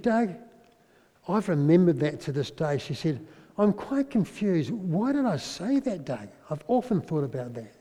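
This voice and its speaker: A man preaching a sermon, telling a personal story and dropping to a soft, quiet voice at emotional moments. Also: on the high side. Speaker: pastor. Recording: long reverb in a large hall.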